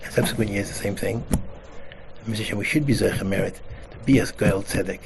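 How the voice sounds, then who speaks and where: A man, a rabbi, telling an animated parable in casual talk, sprinkled with Hebrew and words. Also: on the low side, fast, creaky. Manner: animated storyteller, acts out voices. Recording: noisy recording.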